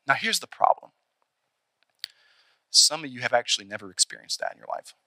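A young adult man preaching a sermon in an animated, conversational way, acting out little scenes along the way. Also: medium pitch, brisk, gravelly, dry recording. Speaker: pastor.

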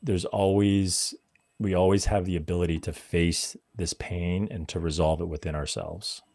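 A man in his forties telling a personal story in casual talk, animated and swearing as he acts out what people said. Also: low-pitched, normal speed, no room sound. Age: 40s. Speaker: podcast guest.

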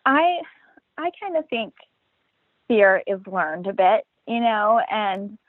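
A woman's voice: medium pitch, big pitch swings, slow, dry recording. Matter-of-fact woman on a tinny line. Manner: matter-of-fact, upbeat, acts out quoted voices. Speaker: guest. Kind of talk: casual interview talk. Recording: dry, tinny phone-like line.

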